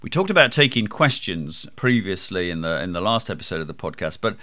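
A man hosting a podcast on presentation skills, with a projecting, booming voice and an emphatic delivery that he slows and speeds for effect. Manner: lively, emphatic, varies pace and loudness for effect. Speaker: podcast host.

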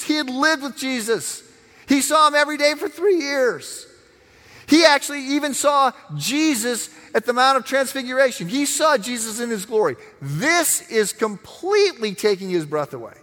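A man preaching a sermon, teaching in an animated, emphatic way with frequent restarts. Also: very high voice, measured pace. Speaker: pastor. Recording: long hall reverb.

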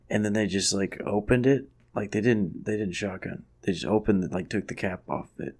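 A man with a very low, gravelly voice and a husky edge chats loosely on a podcast. He rambles, filling his talk with likes and restarts. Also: fairly even intonation, a little fast, hardly any pauses, a little mellow. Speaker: podcast co-host. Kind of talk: casual chat.

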